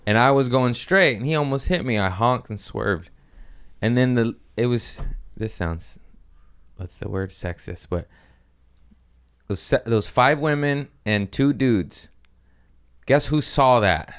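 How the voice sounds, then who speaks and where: A man's voice: medium pitch, a little slow, pauses often, smooth. A man hosting a podcast, telling loose, rambling stories with swearing and laughs in a casual chat. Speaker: podcast host.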